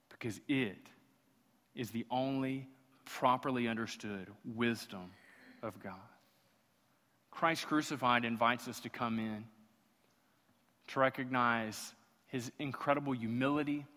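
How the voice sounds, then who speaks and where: A man preaching at a medium pitch, piling up repeated phrases as his sermon builds. His voice rings out with a long reverb tail, as though filling a church sanctuary. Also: bright, forceful tone. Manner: impassioned, rhetorical preaching with repetition. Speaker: pastor.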